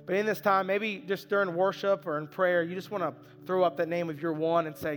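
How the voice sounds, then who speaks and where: High-voiced man preaching in a reverberant hall. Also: flat delivery, brisk, hardly any pauses. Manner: conversational, earnest, self-deprecating. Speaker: pastor. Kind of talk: sermon. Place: church sanctuary. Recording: reverberant hall with soft music.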